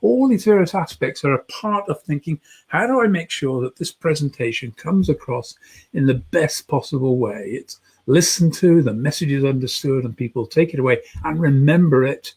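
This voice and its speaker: A man, a public speaking coach giving a live video talk on presentation skills, delivered in an animated, emphatic, trained-actor style with frequent restarts. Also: medium pitch, normal speed, breathy edge.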